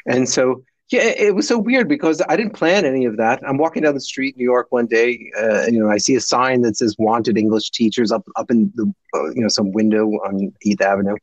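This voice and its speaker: A middle-aged man from the United States, a guest telling stories with animated delivery and acting out the people in them. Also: medium pitch, fairly quick, hardly any pauses, dry recording. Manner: animated, acts out voices in his stories. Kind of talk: storytelling in a conversation.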